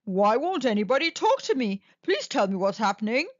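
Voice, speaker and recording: Woman reader voicing a steady, kindly moose, unhurried explanations. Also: on the high side, dry recording, highs cut off. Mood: calm. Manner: calm, measured explaining. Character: calm wise male moose, kindly and steady.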